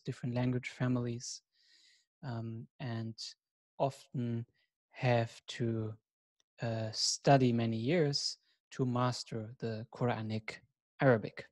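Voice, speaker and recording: Slow, measured male lecturer. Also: mid-range voice, darkish tone, no echo. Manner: measured, reflective, invites listeners. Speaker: course teacher. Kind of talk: recorded lecture.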